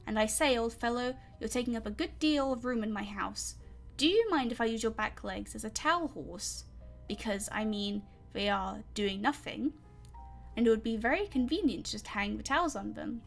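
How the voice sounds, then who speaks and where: A woman's voice: fairly high pitch, lively intonation, moderate pace, creaky, soft background music. A woman with a British accent voicing a fussy, bossy male rabbit who speaks sternly and plainly. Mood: cheerful. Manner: stern, matter-of-fact.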